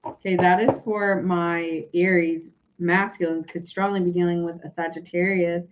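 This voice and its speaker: Woman, tarot reader, casual and animated, laughs a lot, slightly dull lo-fi sound. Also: on the low side, moderate pace, background noise. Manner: chatty, giggly, animated. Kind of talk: casual live tarot reading.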